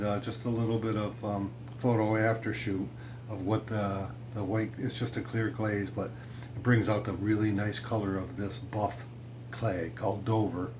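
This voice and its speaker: A man teaching a ceramics how-to in a pottery studio, relaxed and chatty with many fillers. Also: on the low side, slight background noise. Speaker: ceramics instructor. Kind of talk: casual how-to demonstration.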